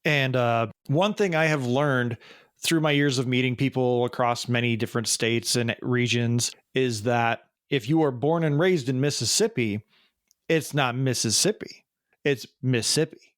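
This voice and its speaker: A man co-hosting a podcast in casual chat, talking in an animated, rambling way with plenty of fillers. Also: mid-range voice, moderate pace, no echo, studio quality. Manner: animated, chatty, frequent fillers. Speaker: podcast co-host.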